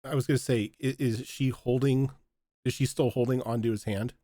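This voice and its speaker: Sex: man. Role: tabletop player. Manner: halting and stammering. Pitch: average. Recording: dry. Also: steady tone, dark tone, dry recording. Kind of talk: tabletop game table talk.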